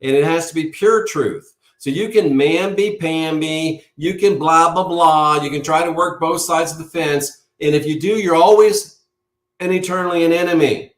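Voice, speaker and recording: A man's voice: on the high side, steady tone, moderate pace, hardly any pauses, fairly bright tone. An emphatic, preachy man in an echoey room. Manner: emphatic, with insistent repetition; preachy, declaring things as certain. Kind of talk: impassioned monologue to a live audience. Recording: roomy echo.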